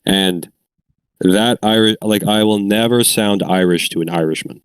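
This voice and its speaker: Very low-voiced Canadian guy, loose and rambling, dry close sound. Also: unhurried, smooth, no room sound. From Ottawa Valley, Canada. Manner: rambling, filler-heavy talk. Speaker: tabletop game player. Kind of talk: casual chat.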